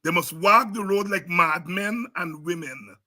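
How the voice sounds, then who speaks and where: A man with a Guyanese Creole accent hosts a show, delivering fiery political commentary in a preaching style, repeating himself and sliding into Creole. His voice is high-pitched and sharp, at a measured pace.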